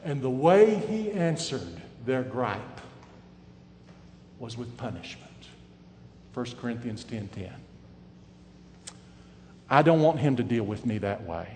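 A man preaching a sermon, his voice swinging from loud and emphatic to quiet and hushed. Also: mid-range voice, big pitch swings, slow pace, long pauses, long reverb tail, a little hiss or hum.

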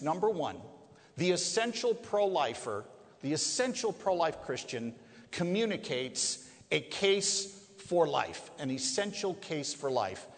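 A man preaching to a live audience, emphatic, leaning on rhetorical questions and stretching key words for weight. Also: high voice. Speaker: pro-life speaker. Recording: echoey hall, long reverb.

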